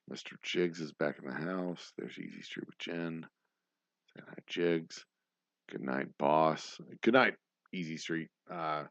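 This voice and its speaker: A tipsy man, hosting a casual livestream and rambling fast. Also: extremely low pitch, gravelly, fairly bright tone, no room sound, highs cut off. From Texas. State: tipsy, slurring. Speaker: livestream host.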